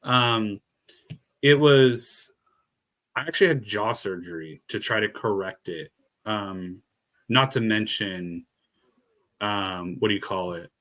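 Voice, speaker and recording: Male streamer, lisp, low-ish voice, loose rambling chat. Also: slow pace, pauses often, a bit bright. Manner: rambling, laughs often, swears casually. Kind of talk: casual chat.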